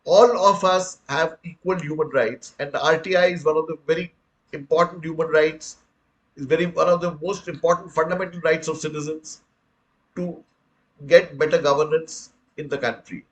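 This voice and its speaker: An older Indian man with a slightly high voice gives an earnest public lecture. He stresses key points emphatically and addresses his listeners as friends, in an Indian English accent. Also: steady tone, moderate pace, rough recording. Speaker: speaker on the right to information, retired commissioner.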